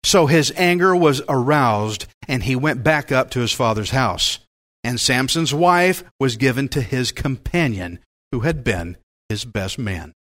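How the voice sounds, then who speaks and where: A man preaching a Bible-teaching sermon as pastor, in a folksy, joking and animated way. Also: medium pitch, a little slow.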